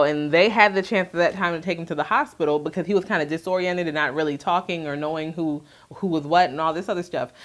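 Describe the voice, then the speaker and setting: Soft-spoken woman reflecting to camera. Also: lowish voice. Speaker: vlogger sharing her grief. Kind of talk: candid personal talk to camera.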